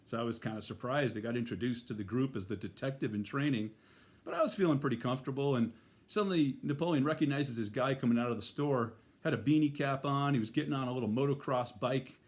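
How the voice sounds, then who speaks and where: A man's voice: mid-range voice, quick pace. Middle-aged man telling a rambling story. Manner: rambling, with many fillers and restarts. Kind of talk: casual personal storytelling.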